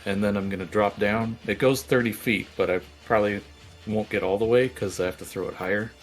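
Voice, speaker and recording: A young man playing a tabletop game in a relaxed, offhand way with easy laughs. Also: on the low side, brisk, soft background music. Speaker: player. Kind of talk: casual tabletop play.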